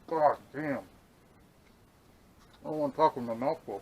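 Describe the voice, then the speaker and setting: An outdoor vlogger from New York state cooks a camp meal at a campsite and reviews it casually, rambling enthusiastically and talking as he eats. His voice is medium-pitched and darkish at a measured pace, in a rough recording with slight background noise.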